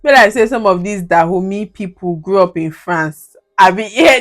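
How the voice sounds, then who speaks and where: A young Nigerian woman with a Nigerian accent reviews movies on video, casually commenting on her old reviews. She laughs often and slips into Nigerian Pidgin, speaking in a mid-range voice at a moderate pace.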